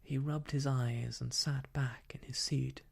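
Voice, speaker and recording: Slow gravelly whispering storyteller. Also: mid-range voice, steady tone. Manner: soft, slow bedtime reading. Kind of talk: whispered role-play.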